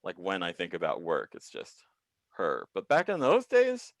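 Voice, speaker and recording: A comedian guest with a deep voice tells work stories over a video call at a normal speed, animated and swearing freely. He acts out the people he quotes in raised voices, and the recording is dry.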